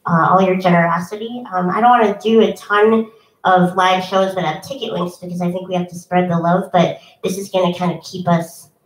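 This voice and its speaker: A woman's voice: on the low side, fairly even intonation, fairly quick. A young woman musician chatting casually between songs at a home concert, with lots of ums and self-deprecating asides. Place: home, indoors. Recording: echoey room, from a distance.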